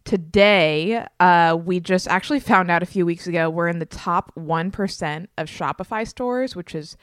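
A woman in her thirties with a slight lisp chats upbeat and loose as a podcast host, her voice pitched a little low. The sound is close and dry, with no room around it. She talks casually and fills gaps with "like". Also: moderate pace, clean tone, dry recording. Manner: upbeat and chatty, many "like" fillers. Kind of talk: casual solo podcast talk.

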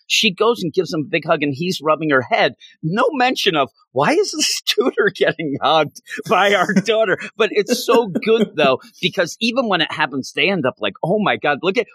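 A man's voice: a little high, no room sound. A man co-hosting a casual podcast chat, eagerly retelling comic scenes and acting out the characters' lines. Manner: animated, acts out characters' lines while retelling. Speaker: podcast co-host.

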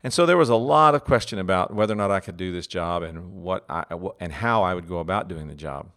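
A man's voice: low voice, fast talker, fairly bright tone. A middle-aged man, a seminary president, teaching a lesson on leadership in an earnest way, repeating key phrases for emphasis. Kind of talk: leadership lecture.

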